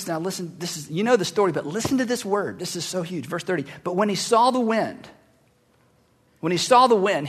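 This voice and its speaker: A male pastor preaching a sermon, acting out the Bible dialogue and swinging from hushed asides to loud, animated bursts. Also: high-pitched, long reverb tail.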